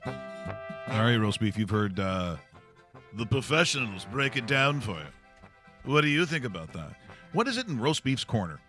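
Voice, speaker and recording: A man hosting a casual sports talk stream, tossing quick joking questions to his panel. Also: mid-range voice, big pitch swings, over music. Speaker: host.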